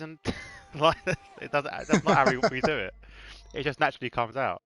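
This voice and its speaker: A man from East London with a Cockney accent softened by a faint Birmingham lilt, his voice bright and forward. He commentates on a sim race in a loose, chatty way, laughing easily and slipping into other accents. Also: medium pitch, quick pace. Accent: Cockney with a slight Birmingham twang. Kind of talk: casual live sim-racing commentary.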